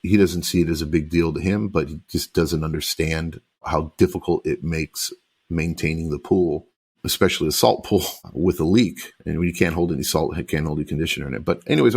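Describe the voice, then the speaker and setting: A man who runs a pool service business, a podcast guest telling stories in an animated, frank and heated way. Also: sits low, slightly rough. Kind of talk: casual podcast chat.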